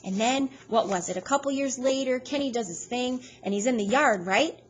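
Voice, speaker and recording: A woman reading aloud, voicing a loud, mocking woman who giggles and taunts. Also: a little high, normal speed, a little hiss or hum, voice pushed up, natural voice. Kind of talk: read-aloud storytelling.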